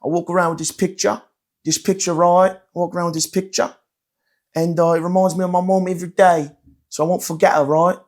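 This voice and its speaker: Man impersonating a young British royal, put-on British accent, mock earnest, higher voice. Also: flat delivery, fairly quick. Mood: mock sentimental.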